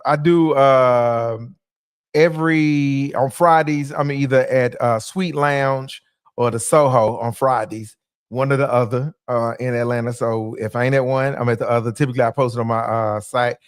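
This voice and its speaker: Comedian guest, male, easygoing podcast talk with jokes and fillers, medium pitch, dry close mic. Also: fairly even intonation, moderate pace, clean tone, no room sound. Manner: laid-back, joking, with frequent fillers and restarts. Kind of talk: casual podcast chat.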